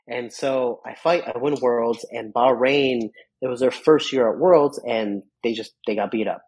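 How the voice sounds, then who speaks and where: A young man from Chicago, an MMA fighter, telling rambling, animated stories as a podcast guest. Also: mid-range voice, a little slow, breathy edge, rough recording. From Chicago, USA. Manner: rambling, animated storyteller, acts out quotes. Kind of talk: casual interview storytelling.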